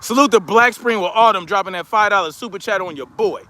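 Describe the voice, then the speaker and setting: A man's voice: sits high, fast talker, sharp tone. A man hosting a livestream who rants in a heated, profane, mocking way. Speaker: livestream commentary host. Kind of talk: casual livestream rant.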